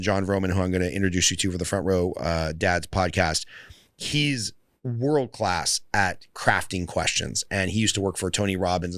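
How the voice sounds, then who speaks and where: A male podcast host talks fast and jokes around in easy conversation, swearing now and then. His voice sits slightly low. The sound is close and dry. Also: no echo. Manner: animated, joking, swearing freely.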